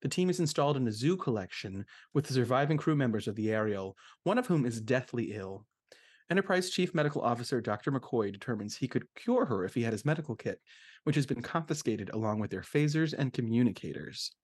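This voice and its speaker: A man's voice: medium pitch, expressive, fairly quick, slightly rough. A man hosting a podcast, chatting casually with frequent fillers and laughs, then reading a plot summary. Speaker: podcast host.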